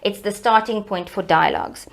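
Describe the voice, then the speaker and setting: A middle-aged woman educator, explaining child development in a lively, teacherly way in an interview. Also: moderate pace, gravelly. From South Africa. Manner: animated, teacherly, varies pitch and loudness for emphasis.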